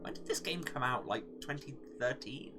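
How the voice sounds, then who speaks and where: A man's voice: mid-range voice, lively intonation, normal speed. A man playing through a visual novel and dropping sarcastic, wry asides between the lines he reads. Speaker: let's play host. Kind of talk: reading a visual novel aloud with commentary. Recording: game music underneath. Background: game music.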